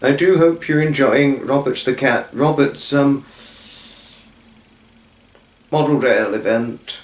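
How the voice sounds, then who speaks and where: A man's voice: medium pitch, takes it slowly, natural voice. A man voicing a friendly husband who owns the cat, polite and welcoming, in a roomy recording. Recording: roomy echo.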